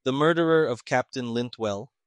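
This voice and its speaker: A man reading the lines of a calm, precise male detective in a quiet, measured way, in a dry close recording. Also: mid-range voice, smooth, dry recording, close to an everyday voice.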